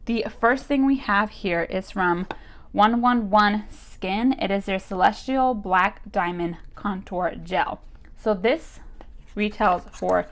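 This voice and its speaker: Chatty woman with a gravelly edge. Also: mid-range voice. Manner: chatty, with many fillers like "like" and "you guys". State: a bit out of breath. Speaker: beauty vlogger. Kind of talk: casual unboxing review.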